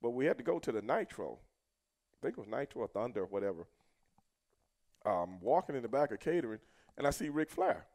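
A middle-aged American man telling a road story casually, cursing a lot and shouting out the lines he quotes. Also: medium pitch, brisk, pauses often. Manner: profane, animated, shouts when quoting himself.

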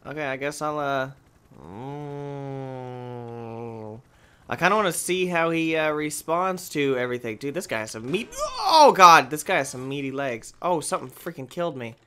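A man hosting a gaming video, talking through his play in an excitable, exclamatory, rambling way. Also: on the high side, normal speed, smooth. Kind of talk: let's play commentary.

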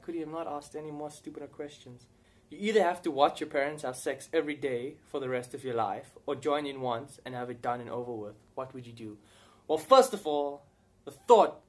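A man answering viewer questions to camera in a rambling, casual way, swearing heavily and laughing often. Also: on the high side.

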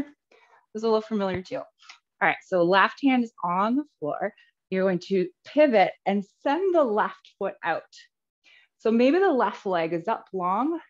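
A woman yoga teacher cueing poses step by step in a live class, a little out of breath and laughing at her own slips. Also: mid-range voice. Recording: slightly dull lo-fi audio.

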